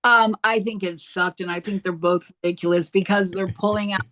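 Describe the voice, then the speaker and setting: A woman's voice: medium pitch, steady tone, brisk, fairly bright tone. An American woman giving blunt, indignant commentary as a guest, with frequent fillers. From United States. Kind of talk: opinionated commentary.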